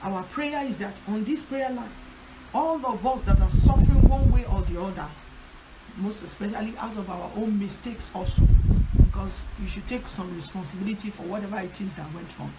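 A woman's voice: medium pitch, normal speed. Emphatic woman pastor, noisy. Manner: emphatic, repetitive exhortation. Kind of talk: teaching talk on a prayer line. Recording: loud background noise.

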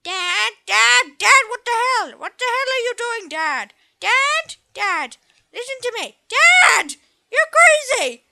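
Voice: big pitch swings, slow pace, gravelly, sharp tone, heavily acted. A young gamer voicing a scared little boy who keeps crying out for his dad. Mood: panicky. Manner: shrill, pleading wails.

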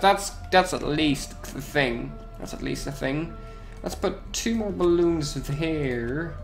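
A man giving casual gameplay commentary, excitable, repeating himself and yelping at sudden moments. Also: a little high.

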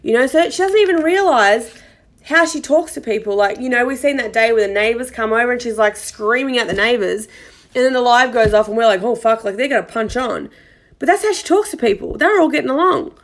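A woman's voice: a little high, expressive, fairly quick. A young woman hosting a podcast, commenting in a chatty, exasperated way with many fillers. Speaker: podcast host. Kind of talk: casual commentary monologue.

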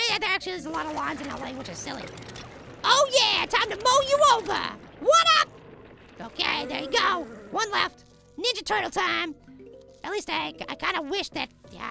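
A man voicing a tiny, excitable cartoon apple boy in frantic let's play commentary, yelling at the game. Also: vocal fry, heavily acted. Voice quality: squeaky, sped-up high voice. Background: game music.

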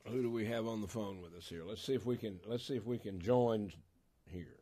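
A man's voice: on the low side, brisk, mellow. An older man from Arkansas with a Southern accent, hosting a call-in radio show as a pastor. He talks in a folksy, emotional way, laughs often and stretches words out for emphasis. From Arkansas, USA.

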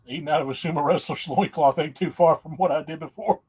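A man hosting a casual live stream, drifting from story to story in a folksy, self-mocking way. His voice sits a bit high for a man, and he keeps breaking into laughter at his own jokes. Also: fairly even intonation, fast, a little mellow, slightly rough. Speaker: host. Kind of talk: casual livestream chat.

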